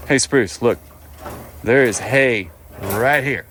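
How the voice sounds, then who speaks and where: A man's voice: mid-range voice, takes it slowly, fairly bright tone, slight background noise. A man on a goat farm talking casually and playfully, chatting fondly to his goats outdoors in the pen. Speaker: goat farmer and vlogger. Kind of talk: casual chat with the animals.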